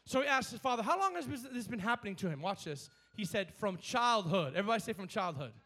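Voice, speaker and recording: High-voiced energetic male preacher. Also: fast. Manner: energetic preaching, repeats words, dramatizes scripture quotes with laughs. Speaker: pastor. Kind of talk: sermon.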